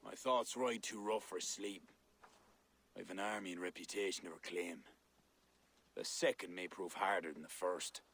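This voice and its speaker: An actor playing a stern, proud king who speaks in a grave, measured way in a video game. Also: low voice, steady tone, fairly bright tone, husky, heavily acted. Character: stern older male king, gruff and proud.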